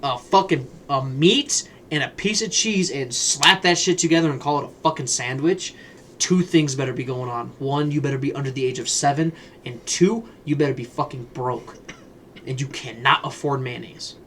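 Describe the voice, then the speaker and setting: A man's voice: medium pitch, normal speed, a bit bright. A male podcast co-host with a mid-range voice speaks bluntly and casually, swearing freely as he rants. Faint background noise sits under the recording. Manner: blunt, profane ranting. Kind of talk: casual chat.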